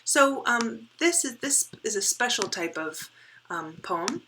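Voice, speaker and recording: A woman teaching a poetry lesson, explaining step by step and often checking in with "right?", dropping to a soft whisper as she reads lines aloud. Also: a little high, sing-song, slow, a little hiss or hum, rough recording. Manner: drops to a soft whisper while reading and counting. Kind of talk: poetry lesson with board work.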